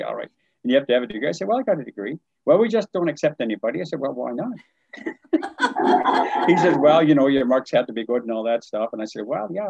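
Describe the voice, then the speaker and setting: An older man from New Brunswick, Canada, recounts a story as a podcast guest and acts out every exchange. His voice is husky and sits at an ordinary pitch. The audio is dry and a little dull. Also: no room sound. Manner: animated, acts out quoted dialogue, chuckles often. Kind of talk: storytelling in conversation.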